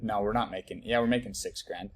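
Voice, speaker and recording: A young man giving blunt, profane betting picks in a casual live video, working through numbers out loud. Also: on the low side, steady tone, fast talker. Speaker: sports betting tipster.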